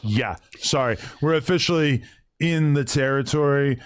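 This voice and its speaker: A man co-hosting a podcast, making a point in a measured, wry, matter-of-fact way. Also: medium pitch, clean tone. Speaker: podcast co-host. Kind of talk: casual podcast discussion.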